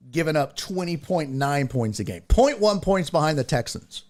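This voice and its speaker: A man's voice: on the high side, animated, normal speed, creaky, hardly any pauses. A man hosting a live-streamed sports talk show, ranting with lots of profanity and answering viewer chat.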